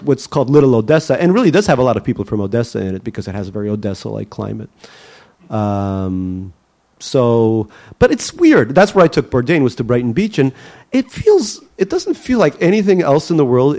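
Russian-born author guy, gravelly voice, wry rambling answers full of ums. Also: medium pitch, mellow. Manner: wry, musing, with many fillers and restarts. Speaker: author, interview guest. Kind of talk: conversational interview answers.

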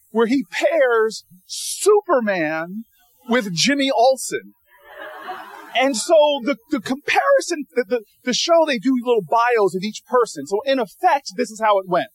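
A man giving a storytelling speech to an audience, animated and humorous, often repeating words as he restarts a sentence. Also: extremely high pitch, no room sound, poor audio. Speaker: public speaker addressing an audience.

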